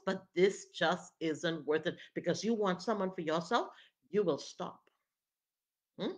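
A woman's voice: lowish voice, lively intonation, slow. A woman preaching a dramatic, emphatic sermon and often asking "hmm?" to draw in her listeners.

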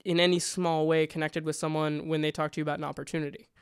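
A man's voice: a little high, flat delivery, fast talker, clean tone. A man hosting a podcast interview, asking questions with curiosity and sharing his own stories. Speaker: podcast host.

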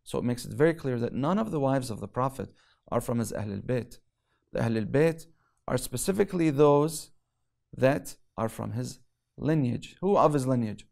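A male religious lecturer giving a theology lesson, reciting Arabic quickly and explaining in English with emphatic pauses. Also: mid-range voice, expressive, creaky, darkish tone.

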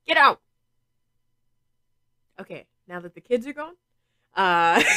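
A woman's voice: medium pitch, fairly bright tone, rough recording. A woman hosting a casual podcast, chatty and frank, laughing often and swearing freely. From New England. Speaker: podcast host.

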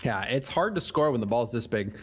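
A man's voice: mid-range voice, expressive, fairly quick, breathy edge, faint music behind. A man chatting casually and playfully with a teammate while gaming, with frequent exclamations and laughter. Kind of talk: casual game chat.

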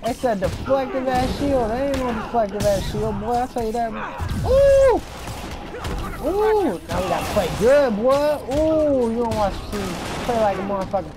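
A young adult gamer giving casual, profane gameplay commentary with frequent excited whoops. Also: mid-range voice, moderate pace, hardly any pauses. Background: video game music.

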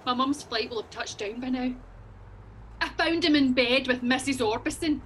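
A high, bright-toned Scottish woman, frazzled and defensive, tearful and snapping in a comic audio drama. A faint hiss of noise sits under the voice. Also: moderate pace. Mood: flustered.

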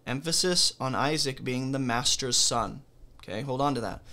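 A man teaching from the Bible in a relaxed, conversational way, with a bright and forward tone. He reads passages aloud, then stops to explain them and ask questions. He keeps checking in with the listener as he goes. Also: on the high side, normal speed, few pauses.

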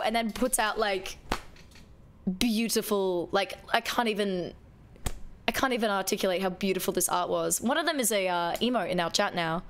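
A woman's voice: mid-range voice, normal speed, a little hiss or hum. A woman chatting playfully with her viewers while streaming a game. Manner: playful, chatty, talking to chat. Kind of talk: casual live-stream chat.

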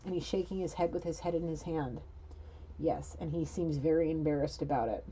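Mellow, blunt woman giving a casual reading. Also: low voice, fairly quick, highs cut off, a little hiss or hum. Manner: rambling, blunt, chatty, swears. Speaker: psychic tarot reader.

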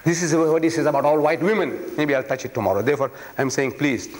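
A man's voice: a little high, fast talker. A man giving a public lecture, emphatic and rhetorical, repeating phrases for effect. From South Africa. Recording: long reverb of a lecture hall.

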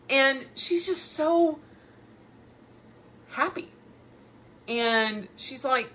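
A middle-aged woman telling a story in a chatty, animated way, with laughing asides. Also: on the high side, takes it slowly, pauses often, slight background noise. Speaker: podcast host. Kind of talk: casual personal monologue.

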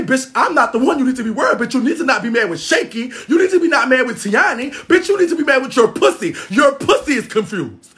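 A man's voice: very high voice, pushed and bright. A man ranting a brash, boastful comedic roast, swearing constantly and laughing often. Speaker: internet personality doing a roast. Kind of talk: profane comedic roast rant.

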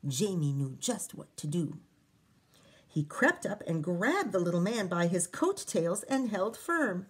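A woman teacher reading a picture book aloud to children, expressive, with chatty asides to her listeners. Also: on the low side, measured pace, breathy edge.

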